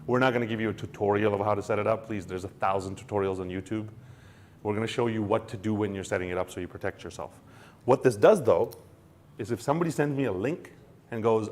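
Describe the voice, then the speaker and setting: A man with a slightly low voice hosts a relaxed explainer. He talks in an animated, loose way, restarting his sentences often. Now and then he acts out quoted voices. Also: quick pace. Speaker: co-host explaining crypto wallets. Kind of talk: casual explanatory chat.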